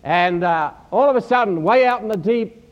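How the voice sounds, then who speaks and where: A man preaching a sermon, animated and joking with the congregation. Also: sits high, normal speed, lo-fi sound. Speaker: pastor.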